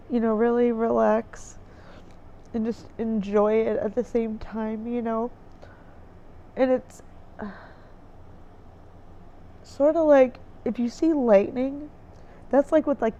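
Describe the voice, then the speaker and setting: Recorded indoors in a dim room beside a window looking out on trees, a woman vlogger casually recaps her experience. Her slightly high, mellow voice has vocal fry, the audio is dull, and she rambles with lots of fillers while hunting for words.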